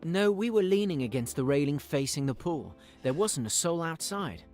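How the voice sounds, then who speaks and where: A man's voice: a little high, sing-song, normal speed, a little mellow, faint music behind. A man voicing a witness in a video game, giving a matter-of-fact account of his evening.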